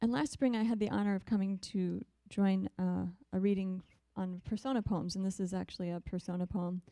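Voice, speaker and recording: A woman poet reading her poems in a measured, deliberate way, with soft, hesitant asides between them. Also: medium pitch, fairly even intonation, gravelly, dry recording. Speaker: visiting poet. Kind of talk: poetry reading.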